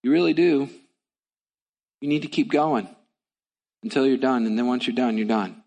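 A man's voice: medium pitch, normal speed, a little mellow, long reverb tail. A male pastor preaching a sermon in a church, with an emphatic, repetitive cadence.

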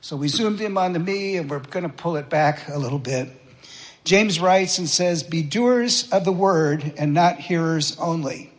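Male preacher, casual and conversational, slightly raised pitch, echoing sanctuary sound. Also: a little slow. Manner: conversational, folksy preaching with rhetorical questions. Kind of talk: sermon. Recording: long reverb of a church hall.

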